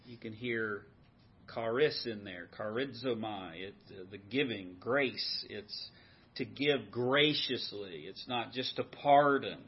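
A man's voice: on the low side, takes it slowly, slightly rough, dull audio. A man leading a men's Bible study, asking the group questions and repeating their answers. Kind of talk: interactive teaching.

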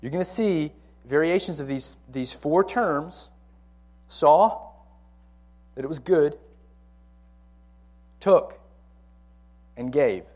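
A man's voice: on the high side, moderate pace, a little mellow. A man teaching a Bible lesson to a college ministry, speaking conversationally and repeating key words for emphasis.

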